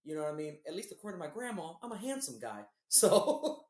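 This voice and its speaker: A man's voice: high voice, big pitch swings, fast talker, darkish tone, reverberant. A man co-hosting a podcast, telling rambling, profane stories in casual chat. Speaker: podcast co-host.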